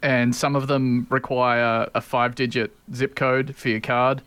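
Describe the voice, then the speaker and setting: A man's voice: mid-range voice, flat delivery, measured pace, fairly bright tone, smooth, no room sound. An Australian man co-hosting a casual chat, dry and self-deprecating about his own anxieties. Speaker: podcast co-host.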